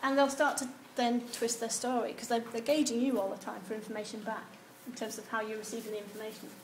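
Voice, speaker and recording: A woman giving a university lecture, animated and acting out example replies. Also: a little high, fast talker. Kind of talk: lecture on research methods. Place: lecture hall. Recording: echoey lecture room with some background noise.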